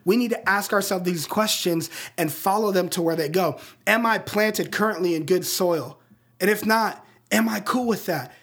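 A man's voice: high voice, normal speed, a bit bright, husky. A young adult man preaching a sermon in a casual, slangy way, with plenty of rhetorical questions. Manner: casual slangy preaching, acts out movie dialogue. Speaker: pastor.

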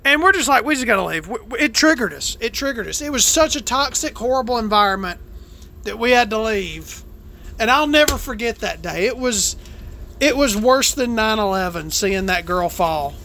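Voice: medium pitch, expressive, normal speed, pushed and bright, a little hiss or hum. A performer voicing a brash, profane trans woman podcast host, ranting and rambling in a comedic monologue.

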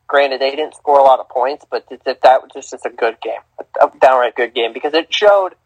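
A man hosting a casual sports talk podcast, animated and emphatic, swearing freely and restarting phrases. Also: medium pitch, a little fast, dry recording, lo-fi sound. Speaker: podcast host.

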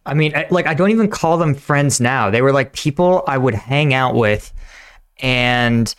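Male host, mid pitch, smooth voice, casual and hesitant. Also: expressive, normal speed. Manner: rambling, hesitant, many fillers. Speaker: host, combat veteran. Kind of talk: casual podcast chat.

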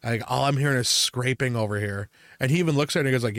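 A man's voice: mid-range voice, very fast, fairly bright tone, no room sound, clean studio sound. A young adult man in casual chat, telling rambling stories full of swearing and filler words. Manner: ranting storyteller, heavy swearing and fillers. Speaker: podcast co-host.

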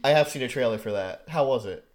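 A man's voice: mid-range voice, expressive, fast talker. A man co-hosting a podcast in a laid-back, casual chat, mostly giving short replies and laughing. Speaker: podcast co-host.

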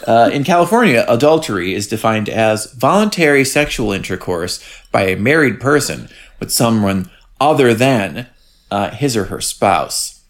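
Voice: mid-range voice, big pitch swings, moderate pace. A podcast co-host joking dryly and reading search results aloud during a casual recap. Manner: dry, joking, reads aloud.

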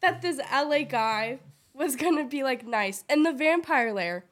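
A young woman with a high voice chatting casually as a podcast co-host. She retells what happened with lively quoted dialogue. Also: measured pace. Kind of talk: casual chat.

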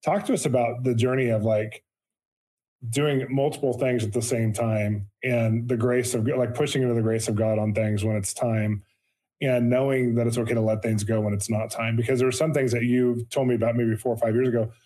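Male interviewer, warm mellow tone, loose wandering questions. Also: mid-range voice, steady tone, fairly quick, rough recording. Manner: rambling, searching questions with fillers. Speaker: interview host. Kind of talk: casual interview talk.

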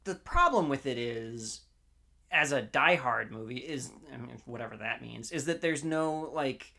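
A man's voice: mid-range voice, lively intonation, measured pace, creaky, bright, forceful tone. A man co-hosting a podcast, talking casually about a film and often restarting his sentences. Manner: hesitant, restarts, laughs along. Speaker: podcast co-host. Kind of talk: casual movie discussion.

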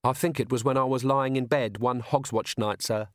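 Young assassin, overly courteous and eerily calm, voiced by a male narrator; dry close mic. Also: medium pitch, moderate pace, dry recording, natural voice. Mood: polite. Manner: soft-spoken, overly courteous, keeps saying sir.

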